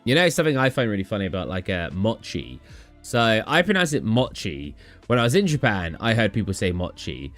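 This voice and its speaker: This young man from Britain rambles casually to his stream audience, performing his own reactions with big pitch swings. His voice is lowish, fairly quick, and a bit bright, recorded in a dry room with faint music in the background.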